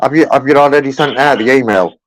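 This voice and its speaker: A man's voice: mid-range voice, fast talker, heavy background noise. A man making a heated phone complaint, insistent and repetitive, filling his talk with "you know what I mean". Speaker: caller.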